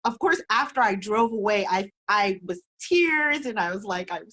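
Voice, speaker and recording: A woman's voice: medium pitch, animated, normal speed, pushed and bright. A middle-aged woman, a guest on an interview show, speaking earnestly and encouragingly and repeating phrases for emphasis. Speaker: guest, cancer survivor and speaker.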